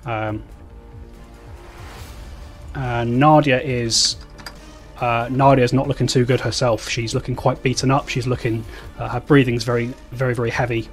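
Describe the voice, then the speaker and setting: Over quiet background music, a male game master narrates a tabletop RPG session, stumbling through fillers and frequent restarts. His voice sits in the middle range with fairly even intonation.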